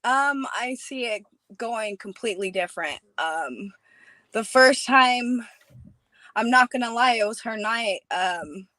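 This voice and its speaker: Fighter guest, female, from New Mexico, higher voice, chatty, laughs a lot, dry sound. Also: animated, slow pace, bright, forceful tone, dry recording, poor audio. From New Mexico, USA. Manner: chatty, laughs often, "you know what I mean". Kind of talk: casual interview chat.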